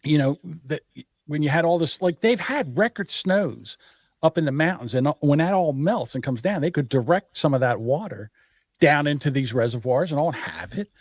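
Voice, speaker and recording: A man's voice: on the high side, animated, moderate pace, dry recording, clean studio sound. Sarcastic, profane male co-host. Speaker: podcast co-host. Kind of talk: casual chat.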